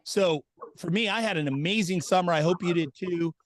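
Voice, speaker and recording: A man's voice: high-pitched, a little fast, a little hiss or hum. A man hosting a casual video call, greeting people by name in an upbeat, chatty way. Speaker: host of a members' video call. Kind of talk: casual group call welcome.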